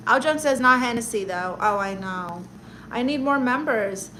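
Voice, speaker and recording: Woman streamer-comic, casual chat-reading, teasing delivery, bright higher voice, faint room noise. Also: a little slow, low-quality recording. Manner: sassy, teasing banter with viewers. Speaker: livestream host reading chat; stand-up comedian.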